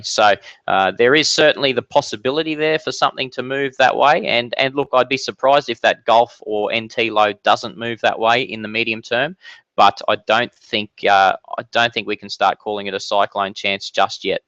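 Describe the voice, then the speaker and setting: A man's voice: lowish voice, steady tone, normal speed, bright, forceful tone, smooth, no room sound, dull audio. A man hosting a casual live-stream Q&A from his home office, chatty and upbeat with many fillers and restarts. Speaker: weather channel host answering viewer questions.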